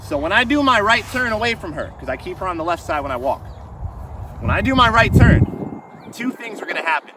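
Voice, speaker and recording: A man's voice: sits high, very animated, brisk. A dog trainer, a man, explaining step by step while walking a dog outdoors. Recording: distant outdoor audio with background noise.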